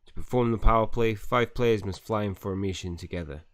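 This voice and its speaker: A man voicing a proud, blunt Quidditch dad in a mobile game, speaking with a Scottish lilt in a deep, low register. The sound is close and completely dry, with no room around it. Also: fairly quick, dry recording, natural voice. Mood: instructive. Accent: Scottish-tinged lines. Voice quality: blunt, saying "aye" and "crikey". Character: proud middle-aged male Quidditch coach and father.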